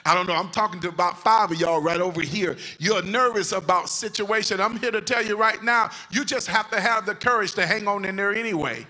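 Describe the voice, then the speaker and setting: High, bright-voiced fervent preaching man. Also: brisk, few pauses, rough recording. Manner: fervent, repetitive preaching that calls on the congregation. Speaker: bishop preaching to his congregation. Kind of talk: sermon. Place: church sanctuary.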